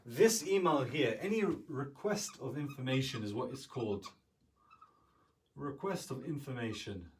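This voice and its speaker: A man's voice: mid-range voice, animated, unhurried, slight background noise. A man giving an instructional talk as a business coach, speaking conversationally and often checking in with the listener. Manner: conversational, keeps checking in with "right?".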